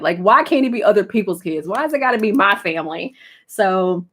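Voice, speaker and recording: A young woman streamer with an American accent, chatting casually, telling stories and laughing often. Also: mid-range voice. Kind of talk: casual chat.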